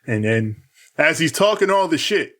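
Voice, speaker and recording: A man's voice: on the high side, very animated, normal speed, fairly bright tone. A man hosting a casual wrestling recap, narrating the matches, acting out the wrestlers' lines and laughing often. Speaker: podcast host.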